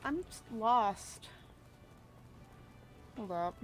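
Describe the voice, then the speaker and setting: A woman's voice: medium pitch, animated, extremely slow, faint music behind. A woman streaming a video game, frustrated and swearing as she plays.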